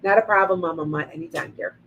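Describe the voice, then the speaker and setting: A woman's voice: lowish voice, fast, a bit bright, muffled recording. Woman, middle-aged, psychic medium, live stream, rambling, chatty, faint background noise. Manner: chatty, rambling, talks to viewers by name.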